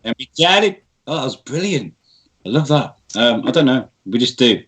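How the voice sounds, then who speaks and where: A British man chatting on a podcast with a blunt, sweary edge, quick to laugh between rants. His voice sits at an ordinary middle pitch. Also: lively intonation, breathy edge. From United Kingdom. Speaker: guest. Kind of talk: casual podcast chat.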